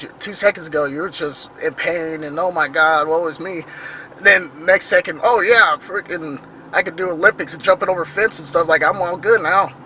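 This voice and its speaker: A man tells a late-night story to his camera from inside a car, his voice bright and a little high. He is animated and acts out each line of dialogue he quotes, over a faint hum of road noise. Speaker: vlogger. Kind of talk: casual storytelling.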